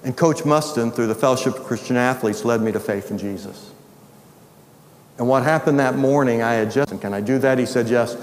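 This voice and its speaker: A male teacher from the US Midwest telling an animated personal story and acting out the dialogue. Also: mid-range voice, normal speed, a little hiss or hum. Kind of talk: storytelling testimony. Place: large hall. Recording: echoey hall reverb.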